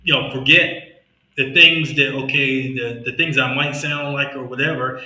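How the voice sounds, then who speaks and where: A man's voice: mid-range voice, fairly even intonation, normal speed, bright, forceful tone, roomy sound, poor audio. A man from Mississippi with a Southern accent and a slight lisp, hosting a podcast in earnest, motivational casual conversation. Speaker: podcast host.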